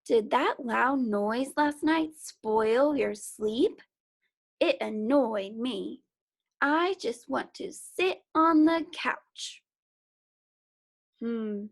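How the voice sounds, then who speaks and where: A woman's voice: on the high side, creaky. A woman teacher giving a patient, encouraging phonics and reading lesson to young children from home, sounding out each letter.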